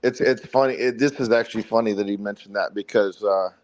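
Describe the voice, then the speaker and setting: A man from South Carolina with a faint Southern accent, telling the story behind his song in a relaxed, rambling way during a casual interview. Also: lowish voice, brisk, rough recording. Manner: rambling, friendly storytelling with fillers. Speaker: songwriter guest.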